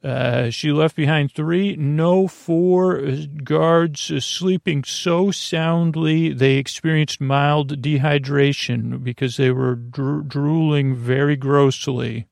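A man's voice: on the high side, steady tone, slow pace, vocal fry, few pauses, a little mellow, no room sound, studio quality. A man playing a bumbling field news reporter. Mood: flustered. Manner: flustered, self-correcting reporter patter.

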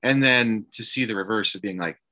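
An actor guest tells a candid personal story in conversation, halting and emotional, full of fillers and restarts. His voice sits on the low side with a sharp tone.

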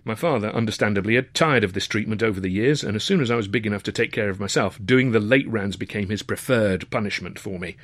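A man's voice: lowish voice, quick pace, hardly any pauses, no room sound. Man, author narrating his novel, wry dry humour, dry close recording. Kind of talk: storybook narration.

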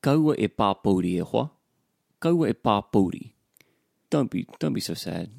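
A man's voice: on the low side, expressive, unhurried, vocal fry, darkish tone, no room sound, studio quality. A man in a language lesson, attentively repeating words and asking questions.

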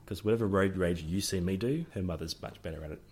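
Middle-aged Australian man, deep and husky, casual podcast storyteller. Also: fast talker, a little mellow. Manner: jokey, laughs often, acts out family members' voices. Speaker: podcast co-host.

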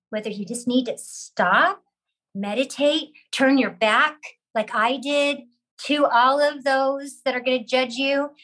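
An actress telling a lively story about her career, acting out other people's lines as she goes. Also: high-pitched, poor audio. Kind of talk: animated storytelling with acted quotes.

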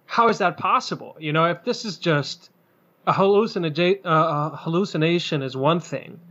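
A man in casual chat, speaking loosely with pauses and casual swearing. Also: on the high side, a bit bright. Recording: dull lo-fi sound.

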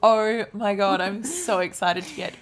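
A woman co-hosting a casual chat, quick-witted, blunt and swearing a lot. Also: mid-range voice. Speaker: podcast co-host.

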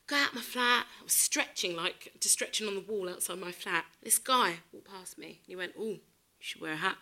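A woman telling comic stories on stage, animated and swearing as she acts out both sides of the conversation. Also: medium pitch, normal speed. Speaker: guest. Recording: live stage recording with loud noise.

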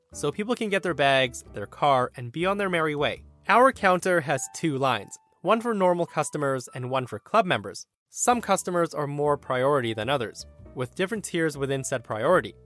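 A man hosting a podcast, reading a story aloud in an animated, sardonic way. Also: fairly high pitch. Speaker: podcast host reading stories. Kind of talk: story narration with quoted voices.

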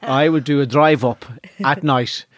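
An Irish man co-hosting a podcast, teasing and deadpan in casual banter. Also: mid-range voice, unhurried, no room sound, clean studio sound. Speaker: podcast co-host, comedian.

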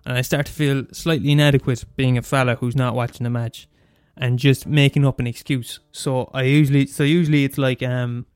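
A man's voice: mid-range voice, flat delivery, fairly quick, hardly any pauses, darkish tone, clear, resonant tone, dry recording. A man from Limerick with a Limerick Irish accent, ranting in a comedic monologue, profane and exasperated, often restarting and repeating himself. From Limerick, Ireland.

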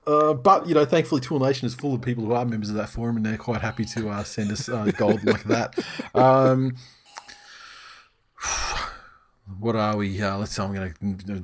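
A man's voice: lowish voice, moderate pace. A man hosting a casual sports podcast, reading out listener questions in a laid-back way, swearing casually and laughing often.

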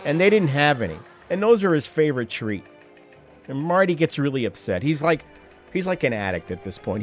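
A man in his fifties hosts a radio call-in show, delivering a wry, rambling monologue sprinkled with profane asides. His voice sits on the high side and sounds a bit bright.

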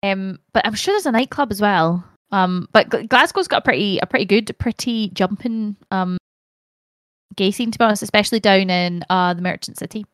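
A young Scottish woman, a podcast guest, chatting casually and telling animated stories with the odd swear word. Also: mid-range voice, normal speed, no room sound, clean studio sound. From Scotland. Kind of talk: casual chat.

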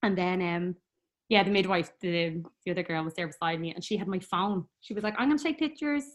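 Woman guest, fairly low pitch, rambling personal story, easy laughs. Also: steady tone, brisk. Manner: chatty, rambling, many fillers, laughs often.

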